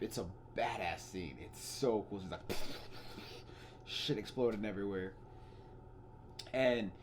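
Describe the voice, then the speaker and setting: A young man hosting a casual podcast, excitedly retelling movie scenes, swearing freely and restarting his sentences. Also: medium pitch, a little hiss or hum. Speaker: podcast host. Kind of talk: casual spoiler chat.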